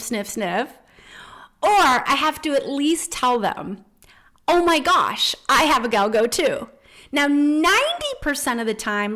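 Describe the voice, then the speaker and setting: A woman hosting a spiritual podcast, talking casually and earnestly, telling personal stories with animated feeling. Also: on the high side. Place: home in the Netherlands.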